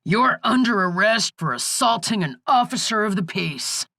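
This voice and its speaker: A woman's voice: medium pitch, animated, normal speed, bright, forceful tone, no echo, clean studio sound, voice pushed up. A woman doing a blustering, bullying male sheriff. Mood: barking. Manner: blustering, profane, barking orders. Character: angry bullying male small-town sheriff. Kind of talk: audiobook character voice.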